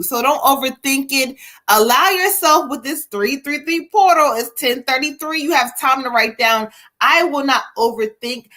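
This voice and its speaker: Bright-voiced woman doing a live tarot reading. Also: high-pitched. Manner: casual, slangy, talks aloud to spirits between long pauses. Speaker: tarot reader and spiritual medium.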